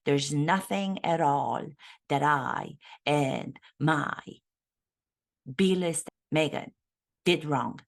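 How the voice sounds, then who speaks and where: A woman voicing a self-pitying royal prince, a man who blames everyone else, in a lowered, pompous, self-righteous tone. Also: very slow, gravelly, pauses often, exaggerated voice.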